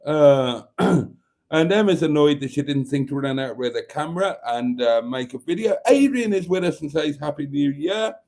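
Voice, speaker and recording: A man's voice: a little high, animated, moderate pace, a little mellow. A man hosting a casual livestream, reading viewer messages aloud in a camp, joking way. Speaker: livestream host. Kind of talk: casual live chat reading comments.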